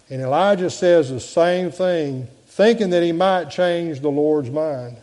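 A man preaching a sermon as pastor, swinging between loud and soft delivery. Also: on the high side, normal speed, few pauses. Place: church sanctuary. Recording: long church reverb.

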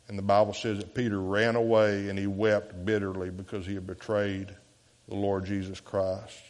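A pastor preaching a sermon, swinging between loud, emphatic bursts and soft, low passages. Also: male voice, flat delivery, normal speed. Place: church sanctuary. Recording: echoey church sanctuary.

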